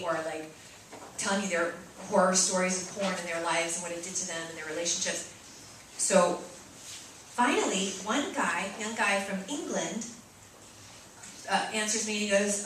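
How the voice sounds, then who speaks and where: A Catholic sister from Boston giving a lively, chatty talk to students and parents, often checking in with "right?". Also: female voice, medium pitch, normal speed, a little hiss or hum. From Boston, USA. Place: large room with an audience. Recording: echoey room, mic far off.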